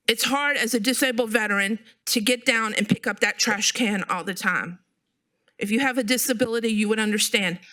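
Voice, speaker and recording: A woman's voice: fairly high pitch, bright, forceful tone. A woman giving a frustrated, emphatic public comment at a city council meeting. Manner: frustrated, emphatic, repeats herself.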